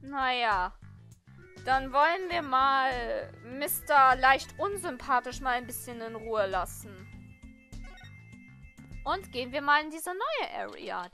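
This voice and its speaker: A woman giving relaxed, chatty gameplay commentary as a let's player. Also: high voice. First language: German. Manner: relaxed, chatty asides between reading.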